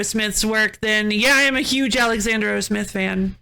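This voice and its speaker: Gravelly-voiced woman streaming a game. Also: mid-range voice, moderate pace, hardly any pauses, pushed and bright. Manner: musing, curious, thinking aloud. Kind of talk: casual let's-play commentary.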